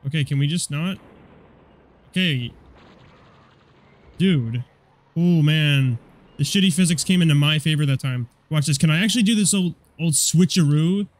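A young man giving casual, profane commentary over a car combat game, rambling and quick to get annoyed. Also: on the high side. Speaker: gameplay commentator.

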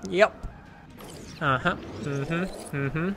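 A man commenting on his racing game play in a chatty, self-mocking way, with sudden excited outbursts. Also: fairly high pitch, slow, long pauses, faint music behind. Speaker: gaming channel host.

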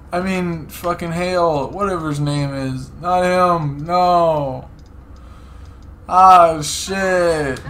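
A young man streaming a game, excitedly commenting, swearing and repeating words to himself. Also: sits high, a little hiss or hum. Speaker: gaming streamer. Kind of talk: casual gameplay commentary.

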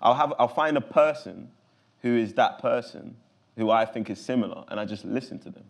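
A man with a London accent, answering interview questions in an animated, loose way full of casual fillers. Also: medium pitch, a little fast, gravelly. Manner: animated, loose, full of fillers like "you know what I'm saying". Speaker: actor guest.

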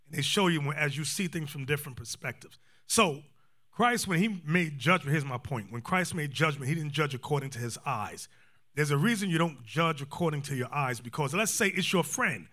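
A man teaching a scripture class in a lively, joking sermon style, acting out quotes. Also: on the high side, a little fast. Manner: animated, joking, acts out quotes, calls for readings.

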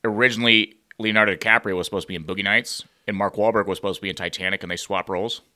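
Animated man acting out movie scenes. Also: lowish voice, racing. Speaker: podcast co-host. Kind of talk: casual chat.

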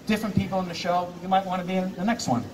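A man's voice: high-pitched, level tone, rapid-fire, a little mellow, slight background noise. A man performing as a stage hypnotist, giving playful commands to volunteers and laughing often. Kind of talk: live stage show patter. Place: live theater stage. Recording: distant live stage sound.

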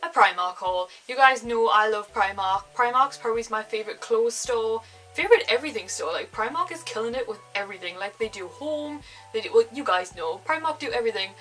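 Young North East English woman, higher voice, chatty haul vlogger, faint music behind. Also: animated, fairly quick, fairly bright tone, rough recording. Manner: rambling, filler-heavy, says "like" often. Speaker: fashion vlogger. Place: home, indoors.

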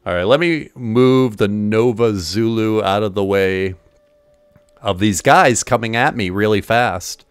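A fairly low-voiced man talks through an old console game in a loose, joking stream, cursing at setbacks and hyping himself up. Faint chiptune music plays behind him. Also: a little slow, clear, resonant tone, no room sound. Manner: excitable, swears often, jokey self-talk. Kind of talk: casual game commentary.

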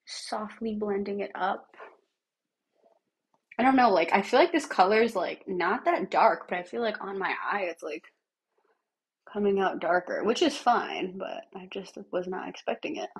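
A woman livestreamer with a raspy, smoker-like voice and a lingering cough, chatting casually through a makeup tutorial and narrating each step as she works, sometimes dropping to a near-whisper. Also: medium pitch. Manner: chatty, thinks aloud while working, drops to near-whispers.

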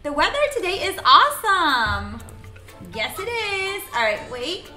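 A woman playing a family roleplay game, talking in an animated, excitable, bossy mom tone. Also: very high-pitched, measured pace, roomy sound, faint music behind. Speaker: roleplay player voicing the mom figure. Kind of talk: playful game roleplay narration.

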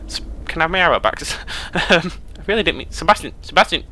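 This British let's play host talks fast in a fairly high voice, with slight noise in the background. His gameplay commentary is casual and meandering, full of self-mockery and easy excitement.

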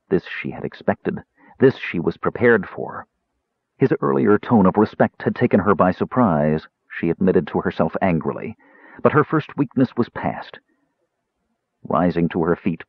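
A man reading a fantasy novel aloud as an audiobook narrator, with expressive, dramatic delivery. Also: low-pitched, slightly rough, dry recording. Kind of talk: scripted narration. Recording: dry, slightly dull recording.

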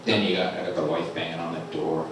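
A middle-aged man doing a stand-up set at a comedy club, telling stories animatedly and jumping into high squeaky voices for other people. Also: steady tone, quick pace. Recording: live club recording from a distant mic, with an echoey room and crowd noise. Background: audience laughter.

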